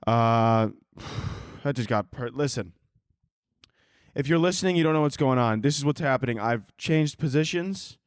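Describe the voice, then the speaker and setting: A man's voice: mid-range voice, lively intonation, normal speed, clean tone, no echo, studio quality. Rambling, foul-mouthed male podcaster. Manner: rambling, tangent-prone, profane and jokey. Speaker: podcast host. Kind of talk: casual solo podcast chat. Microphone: handheld microphone.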